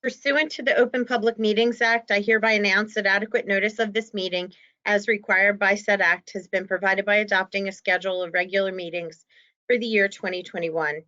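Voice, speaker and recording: A woman's voice: mid-range voice, brisk, dull audio. A woman with an American accent serving as council clerk, reading a formal statement and calling the roll. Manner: steady, businesslike.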